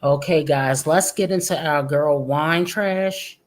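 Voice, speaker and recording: Woman streamer roasting ppl, cussing a lot, slow drawling mocking talk. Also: low voice. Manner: brash, profane, mocking; slow-paced, drawn-out. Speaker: commentary streamer. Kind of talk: reaction commentary.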